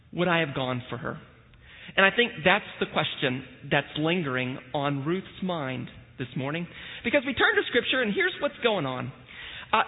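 A male pastor preaching a sermon in a church, telling a story with lively energy and the occasional "uh.". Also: high-pitched, slightly rough. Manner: storytelling, animated, with frequent filler "uh". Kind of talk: sermon with scripture reading. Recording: tinny phone-like sound in a reverberant hall.

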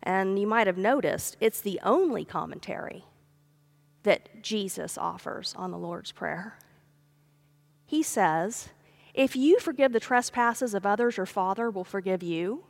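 In a church sanctuary, a woman pastor with a creaky, mid-range voice delivers a sermon at a measured pace with lively intonation. She tells a parable in a folksy, conversational way, raising her voice as she acts out the characters' pleas.

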